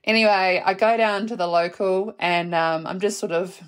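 A young adult woman, hosting her own podcast and telling a personal story in a chatty, animated way, laughing and swearing casually. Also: mid-range voice, moderate pace, clear, resonant tone. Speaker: podcast host.

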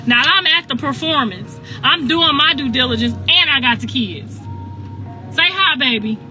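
A woman's voice: high voice, a little slow, pauses often, pushed and bright, soft background music. Emphatic, sassy woman ranting on a livestream.

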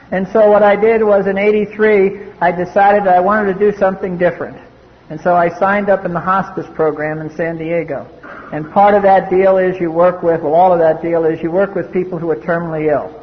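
High-voiced blunt man telling his story. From US East Coast. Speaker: recovery meeting speaker. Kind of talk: personal testimony talk. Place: meeting hall. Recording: dull old cassette tape in a reverberant hall.

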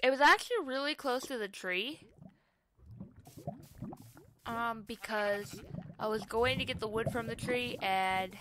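A woman's voice: a little high, unhurried, long pauses, very noisy. A young woman casually commenting on her own survival gameplay, chatty and self-mocking, often exclaiming at what happens. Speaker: gaming YouTuber.

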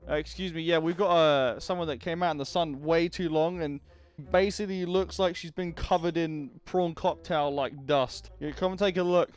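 Loud joking young man gamer. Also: a little high, normal speed, clear, resonant tone, soft background music. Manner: loud, jokey mock threats to game characters. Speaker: gaming YouTuber. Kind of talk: comic gameplay commentary.

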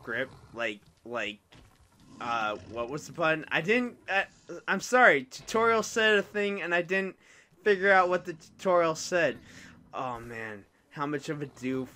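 A man's voice: fairly high pitch, lively intonation, measured pace, pushed and bright. A young man giving casual, rambling, self-mocking commentary while playing a video game. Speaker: let's play host.

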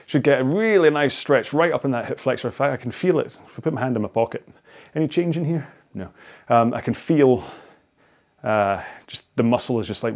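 A man's voice: mid-range voice, a little mellow. A Scottish man in his forties, an indoor rowing coach, talking through cool-down stretches in a chatty, rambling way with self-deprecating asides. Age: 40s. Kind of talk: casual workout cool-down instruction.

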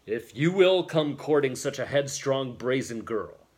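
A man reading a stern, gruff old father. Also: a bass voice, little pitch movement, a little slow, voice pushed down, exaggerated voice.

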